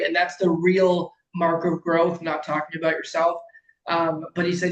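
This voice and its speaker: A man coaching a client in casual conversation, emphatic and animated, swearing freely and acting out quotes loudly. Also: a little high, normal speed, roomy sound, muffled recording. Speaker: life coach.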